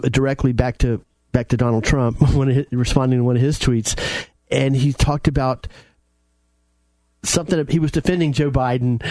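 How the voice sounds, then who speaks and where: A man's voice: mid-range voice, mellow, no echo. A man hosting a casual talk show in a plain mid-range voice. He talks loosely, laughs between points and stumbles into restarts. The sound is close and dry. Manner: chatty, laughs often, stammering restarts.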